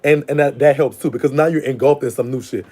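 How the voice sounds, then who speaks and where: A man's voice: mid-range voice, steady tone, fast talker. A man hosting a live call-in show, giving blunt, slangy advice. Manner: blunt, slangy, talks back to callers warmly. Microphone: live stream call-in setup.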